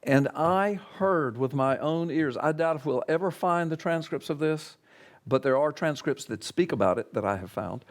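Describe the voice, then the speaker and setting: A man, a pastor, telling his story in an interview with an emphatic, animated manner. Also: fairly high pitch, moderate pace. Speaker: pastor and radio talk guest.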